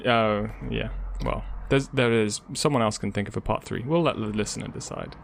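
A man's voice: fairly low pitch, steady tone, moderate pace, creaky, slight background noise. A man co-hosting a casual podcast, hesitant and often repeating his words. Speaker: podcast co-host.

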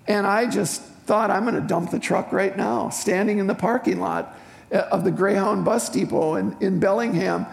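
An older speaker from eastern Wisconsin giving a personal testimony sermon in a church sanctuary, telling the story in a heartfelt, unhurried way with emotional swells. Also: mid-range voice, vocal fry. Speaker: guest speaker at a church service. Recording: echoey hall with faint music.

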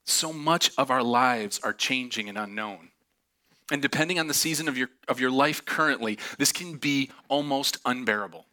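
A man preaching a sermon in church, telling a funny family story, animated and laughing often. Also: mid-range voice, normal speed. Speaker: pastor. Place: church auditorium.

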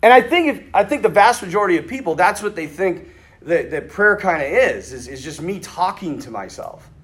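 A middle-aged priest giving a conversational sermon, telling stories and acting out bits of dialogue. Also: male voice, high-pitched, fairly quick, breathy edge. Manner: conversational, animated, acts out quoted dialogue. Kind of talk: sermon with storytelling.

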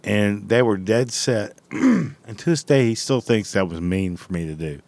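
A man's voice: fairly low pitch, animated, a little slow, a little mellow. A man telling a rambling story in a blunt, heavily profane, casual way.

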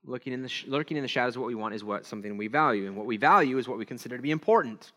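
A male pastor preaching in a loose, conversational way, drifting into asides and poking fun at himself. His voice is bright and forceful, at a middle pitch. He leans on fillers and restarts as he talks. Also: rapid-fire. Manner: rambling, self-deprecating, many fillers. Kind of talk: casual sermon.

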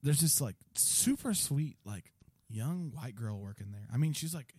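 A young man telling a story in casual chat, profane and animated, mimicking the voices of the people in it. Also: medium pitch, measured pace, husky, dry recording.

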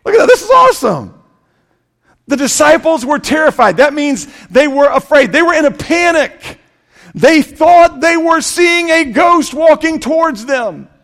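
A man preaching a sermon in a church, repeating phrases for emphasis, slowing down to draw words out and bursting into loud declarations. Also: very high-pitched, big pitch swings, creaky. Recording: long reverb of a large hall.

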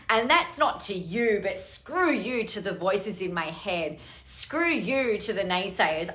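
A woman's voice: mid-range voice, bright, forceful tone. A middle-aged woman coach talking casually on a live stream, chatty and rambling, with some casual swearing. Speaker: online business coach.

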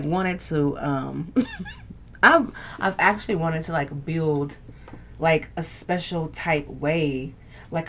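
Woman, young adult, livestream host, unhurried, bantering, reads comments aloud. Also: low voice, a bit bright, a little hiss or hum. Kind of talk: casual live chat.

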